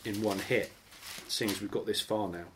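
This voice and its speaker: A man leading a Bible study, teaching in a conversational, animated way. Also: lowish voice, normal speed, noisy background. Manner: conversational, animated, acts out imagined voices. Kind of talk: informal teaching sermon.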